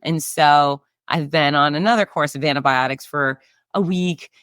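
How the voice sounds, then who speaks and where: A middle-aged woman hosting a casual solo chat, upbeat and breezy, her voice nasal and hoarse. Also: deep voice, normal speed, a bit bright, no echo, studio quality. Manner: chatty and upbeat, breezy asides. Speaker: race announcer and show host.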